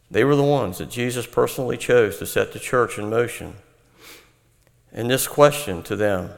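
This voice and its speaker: A man preaching an earnest, measured Bible-teaching sermon. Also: medium pitch, vocal fry, long reverb tail.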